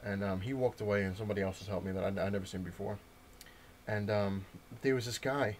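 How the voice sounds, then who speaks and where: A man's voice: on the low side, quick pace, slight background noise. A man casually rambling to camera about a comic shop visit and his new comics, with lots of fillers and restarts. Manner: rambling, loose storytelling with many fillers and restarts. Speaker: comic book collector showing his purchases. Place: at home, indoors.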